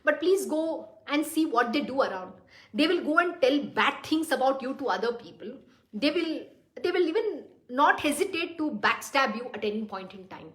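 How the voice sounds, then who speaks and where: A high-pitched woman delivers a devotional discourse, speaking bluntly and firing rhetorical questions at her listeners. Her voice rings in a roomy, echoing space. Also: fairly bright tone. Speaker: spiritual teacher. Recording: roomy echo.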